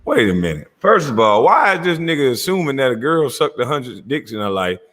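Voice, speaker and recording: A man's voice: medium pitch, big pitch swings, fairly quick, fairly bright tone. A man giving profane, incredulous reaction commentary on a clip he is watching.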